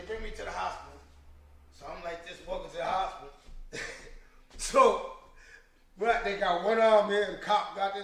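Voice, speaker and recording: A man hosting a podcast, telling a story in a casual, animated, profane way, with frequent restarts and repeated words. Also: high voice, creaky. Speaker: podcast host.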